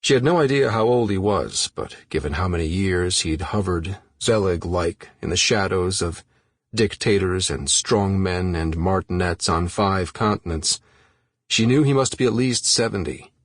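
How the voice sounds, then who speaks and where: A man narrating an unabridged thriller audiobook in a measured, steady reading voice. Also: low-pitched, no echo, studio quality.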